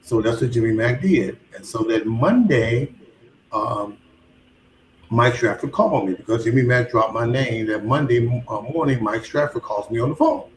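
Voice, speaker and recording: A man's voice: medium pitch, normal speed. A man telling his life story as a guest, animatedly acting out both sides of conversations. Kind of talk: casual spoken storytelling. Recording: roomy echo with faint background hum.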